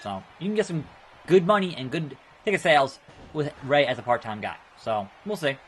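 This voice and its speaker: Male let's play host, casual and reactive, slightly high pitch. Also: animated, brisk, slight background noise. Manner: chatty, reacts loudly to the game. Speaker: gaming video host.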